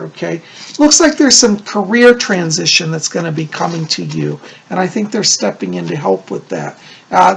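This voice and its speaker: A man's voice: high voice, gravelly, husky. A man working as a psychic medium, doing a casual video reading, chatty and reassuring, often checking in with "okay?".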